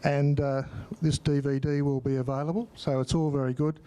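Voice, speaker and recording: Hesitant, mellow-voiced meeting chair, man. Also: a little high, level tone, fairly quick, smooth. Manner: chatty, hesitant, many fillers. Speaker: support group meeting chair. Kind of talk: chairing a question session. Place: meeting room.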